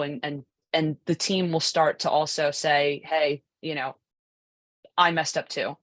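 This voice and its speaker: Low-voiced chatty woman coach presenting. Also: no room sound. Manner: chatty, many asides and rhetorical "right?". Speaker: lacrosse goalie coach presenting. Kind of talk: conversational presentation.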